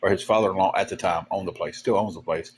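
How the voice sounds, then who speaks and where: Man, low-pitched, rambling casual livestream host. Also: fairly even intonation, husky. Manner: rambling, halting, many fillers. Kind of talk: casual storytelling chat.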